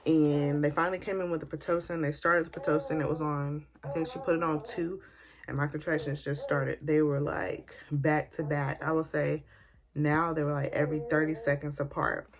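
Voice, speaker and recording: Animated young woman telling a story. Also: sits low, normal speed, a crowd in the background. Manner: animated, colloquial, acts out quotes. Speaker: beauty vlogger. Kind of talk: casual storytime while doing makeup.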